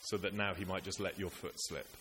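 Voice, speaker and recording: Preaching earnestly and rhetorically, a man builds his points through repetition and lists. His voice is low, steady, fairly quick and a bit bright, recorded in an echoey hall with faint hiss.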